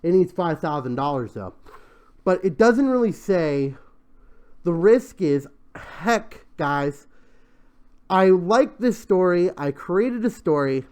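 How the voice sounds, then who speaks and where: A young male host with a fairly high voice that leaps all over the place. He rants in a casual, sarcastic, exasperated way, sighing and stumbling over restarts as he tears into what he is reading. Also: expressive, takes it slowly, a little mellow, smooth. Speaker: show host. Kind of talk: commentary on crowdfunding pitches.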